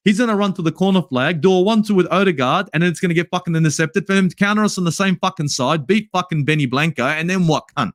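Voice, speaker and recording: An Australian man ranting angrily as a fan channel host, swearing often and swinging between shouts and low mutters while he reviews a match and answers live chat. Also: fast talker, hardly any pauses, no echo, clean studio sound.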